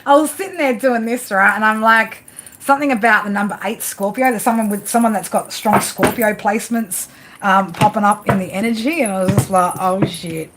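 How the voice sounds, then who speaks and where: A woman's voice: mid-range voice, fairly even intonation, fairly quick, background noise. A woman doing casual live-stream tarot readings, chatty and laughing, swearing freely as she talks to her viewers.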